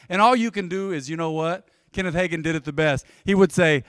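A man in his forties preaching to a congregation, his voice high and bright as he tells stories and keeps asking the room to answer back. The sound is close and dry. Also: fairly quick, few pauses, smooth, no echo. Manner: storytelling, calls out to the congregation. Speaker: pastor. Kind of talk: sermon.

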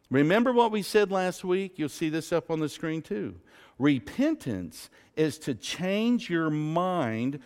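Slow, emphatic preaching man. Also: on the high side, in a large hall. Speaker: pastor. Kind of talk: sermon. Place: church sanctuary.

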